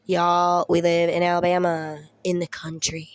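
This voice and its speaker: Slow-talking Southern mom telling stories. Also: female voice, fairly low pitch, completely flat delivery, clean tone, no echo. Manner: rambling, profane, laughs through her stories. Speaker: mom vlogger. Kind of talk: casual storytelling chat. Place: at home.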